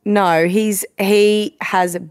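A woman's voice: mid-range voice, level tone, extremely slow, smooth, dry recording, studio quality. A woman, co-hosting a casual podcast, candid and cheeky with frequent laughter. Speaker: podcast co-host. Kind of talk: casual chat.

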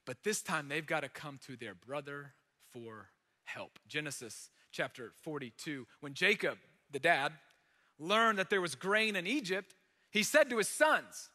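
A man preaching in a large church hall, his voice high and strikingly bright. He tells the story in an animated, conversational way, leaning hard on dramatic moments, while a long reverb trails after each phrase. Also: unhurried. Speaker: pastor. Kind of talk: sermon.

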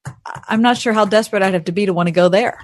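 A woman co-hosting a radio talk show from home, chatting in a lively, questioning way. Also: medium pitch, fast, dry recording. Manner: lively, questioning, laughs easily. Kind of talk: casual on-air chat. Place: home spare room.

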